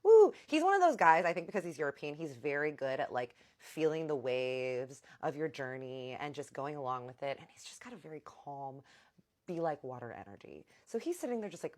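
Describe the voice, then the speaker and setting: Woman with a low voice doing storytime, super animated, swings all over the place, talks right to the camera. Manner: animated, dramatic, addresses viewers directly. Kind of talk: casual storytime vlog.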